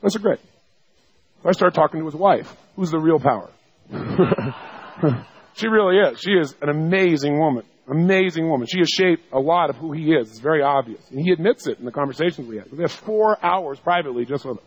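A man telling a story to a seminar audience, animated, acting out the quotes and laughing along. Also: a little high, brisk, slightly rough, highs cut off. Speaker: seminar speaker.

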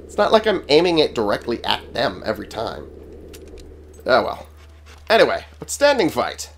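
A man's voice: medium pitch, very animated, normal speed, a bit bright, a little hiss or hum. Swearing man narrating his gameplay. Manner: profane, sarcastic, exclaiming at enemies. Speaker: gaming channel host. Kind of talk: casual gameplay commentary. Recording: game music behind voice.

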